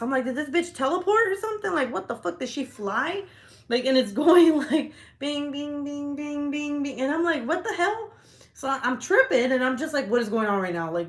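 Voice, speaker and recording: A young woman chatting on a casual livestream, telling a story in an animated, profane way. Her pitch sits in the middle for a woman. She laughs often and jumps into her own reactions.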